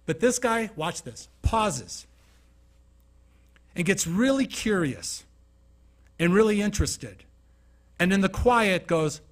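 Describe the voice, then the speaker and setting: A man's voice: high voice, expressive, unhurried. A man from Utah giving a motivational keynote talk, telling stories conversationally and asking the audience questions. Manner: conversational storytelling, asks the audience questions, acts out scenes. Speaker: keynote speaker.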